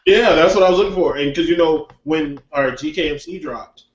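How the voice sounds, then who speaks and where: A man with a slightly high voice hosts a casual music podcast, talking bluntly and with strong opinions, dropping swear words and laughing. The lo-fi recording sounds dull, and the room around him echoes. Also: a little fast. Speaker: podcast host. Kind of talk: casual hip hop podcast chat.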